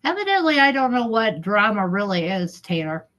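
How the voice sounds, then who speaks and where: A woman's voice: mid-range voice, sing-song, moderate pace, a bit bright. A middle-aged woman chatting casually on her livestream, heckling and giggling as she reads viewers' comments. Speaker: livestream host.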